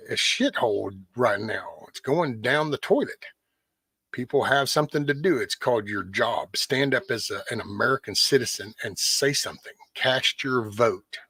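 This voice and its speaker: A man's voice: mid-range voice, fairly bright tone, dry recording. Blunt, ranting man. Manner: answers viewer chat by name. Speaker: livestream host. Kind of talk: casual livestream chat.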